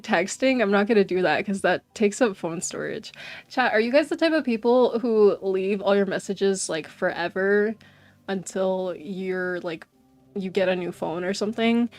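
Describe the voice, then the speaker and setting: A woman's voice: mid-range voice, no echo. A young woman streaming, chatting casually and animatedly with her viewers and often saying "bro". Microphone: desk mic.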